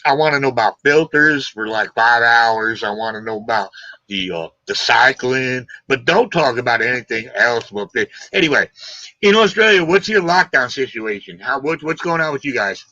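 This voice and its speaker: An American man hosting a live stream, joking loudly and swearing in casual banter. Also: medium pitch, lively intonation, moderate pace, no room sound, dull audio. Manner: loud, joking, profane banter.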